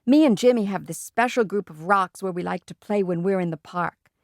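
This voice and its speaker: Reader: woman, children's book read-aloud, steady delivery, dry close sound. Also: mid-range voice, brisk, no echo. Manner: plain, steady storytelling. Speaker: audiobook reader.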